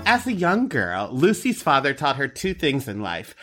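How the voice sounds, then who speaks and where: A man co-hosting a podcast, recapping a movie in an animated, theatrical way. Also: medium pitch, normal speed, over music. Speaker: podcast co-host. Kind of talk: casual chat and movie recap.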